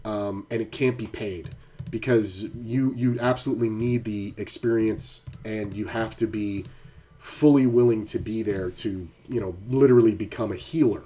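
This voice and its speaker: Profane ranting man, dark voice. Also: lowish voice, fairly even intonation, normal speed. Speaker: poker streamer. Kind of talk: casual live-stream chat.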